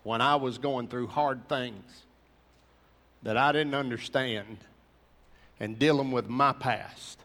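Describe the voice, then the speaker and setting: A man, an earnest preacher telling a personal testimony to a gathering of men in animated storytelling fashion. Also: medium pitch, slow, pauses often, in a large hall.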